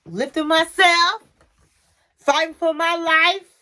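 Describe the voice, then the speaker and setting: A grown man tells his comeback story, earnest and reflective, as a woman speaks his part. His delivery is slow and sincere, in a fairly high voice. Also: steady tone, pushed and bright, heavily acted.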